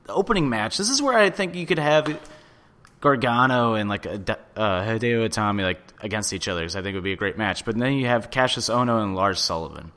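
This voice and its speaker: Lively opinionated young-sounding man chatting. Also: fairly low pitch, brisk. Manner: opinionated, animated wrestling fan talk with fillers and swearing. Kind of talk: casual chat.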